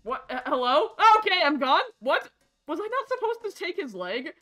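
A woman streaming a game from her basement, chatty and excitable, with game music behind her. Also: sits high, moderate pace. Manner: excitable, chatty, bursts into shrieks and laughter. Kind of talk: casual gameplay streaming. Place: home basement.

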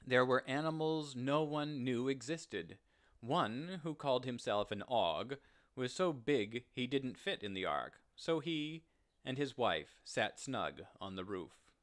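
A man reading a story aloud in a slow, deliberate, gentle telling. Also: medium pitch, lively intonation. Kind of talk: read-aloud story narration.

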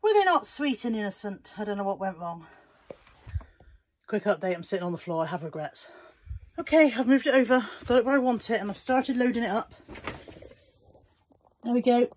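A woman's voice: medium pitch, normal speed, long pauses, darkish tone. A middle-aged woman, chatting casually and mocking herself as she talks to the camera in a vlog. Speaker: vlogger.

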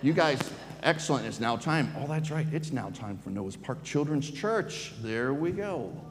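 Chatty pastor in an echoing church. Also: male voice, mid-range voice, expressive, measured pace. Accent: Midwestern American. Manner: friendly, chatty with children. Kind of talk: children's message and prayer. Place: church sanctuary. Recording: church hall reverb, faint hum.

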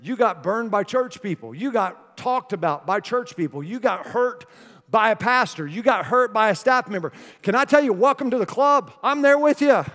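A male pastor preaching a sermon, telling a family story with jokes and then turning earnest and soft. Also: high voice, expressive, normal speed. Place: church hall. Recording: reverberant church sanctuary.

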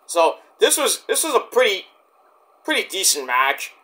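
A man's voice: sits high, big pitch swings, unhurried, pushed and bright. A man casually reviewing a wrestling show in a rambling, filler-heavy way, saying he is dead tired.

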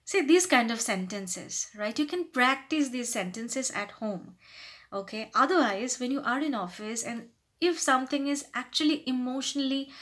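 A woman's voice: fairly high pitch, fairly bright tone. A woman vlogger giving casual advice to camera, earnestly explaining and acting out polite and rude phrases. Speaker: lifestyle vlogger.

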